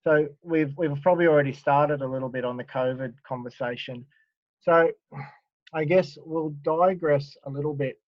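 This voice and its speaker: A man's voice: medium pitch, no echo. Easygoing host guy, dry muffled sound, chatty interview. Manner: friendly, says "mate", affirms with "mm". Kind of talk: casual interview.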